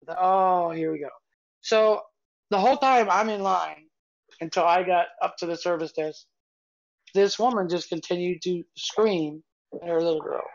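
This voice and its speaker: An older woman co-hosting a podcast tells a story in a chatty, meandering style, restarting her sentences as she goes. Her fairly low, gravelly voice has a fry-tinged texture and a moderate pace, heard through a dull, muffled live-stream feed.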